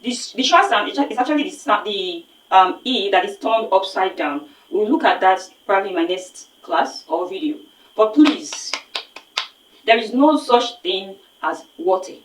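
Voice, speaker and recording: A woman's voice: mid-range voice, roomy sound, far from the mic, rough recording. A woman from Nigeria with a Nigerian English accent, giving an earnest, emphatic phonics lesson full of rhetorical questions. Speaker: phonics teacher. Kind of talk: spoken lesson.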